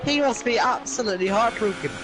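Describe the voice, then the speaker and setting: A man commentating a sim race live, excitable and teasing his co-hosts. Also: sits high, fast, noisy background.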